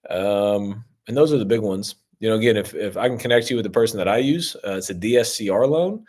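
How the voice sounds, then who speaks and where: A man from Ohio with a fairly low, darkish voice talks fast while coaching on real estate investing. Answering viewer comments in a casual live-stream Q&A, he speaks loosely with lots of fillers and stays upbeat with his viewers.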